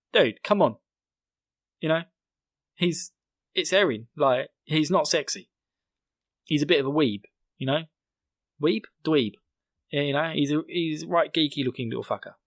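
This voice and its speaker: A man's voice: a little high, a bit bright, no echo. A young British man hosting a podcast, joking and rambling as he recaps an episode and acts out characters' lines in silly voices. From Britain. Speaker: podcast host. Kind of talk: solo recap podcast chat.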